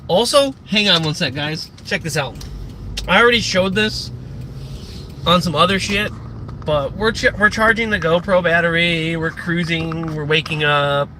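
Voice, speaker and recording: A man's voice: on the high side, moderate pace, pushed and bright, rough recording. A young man chatting casually on a live stream, rambling and swearing with lots of fillers, a bit out of breath. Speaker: livestreamer. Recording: outdoor street noise behind.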